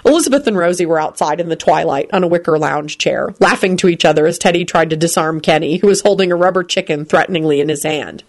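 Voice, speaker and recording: A woman narrating a storybook reading in an expressive way. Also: on the low side, quick pace, hardly any pauses.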